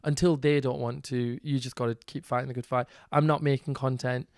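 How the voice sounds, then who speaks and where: A man with a Northern English accent, a guest on a podcast, talking in a lively way and acting out quotes as he tells stories. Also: medium pitch, no room sound, clean studio sound. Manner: animated, quick storytelling with acted quotes. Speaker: guest, content creator and teacher. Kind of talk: casual podcast interview.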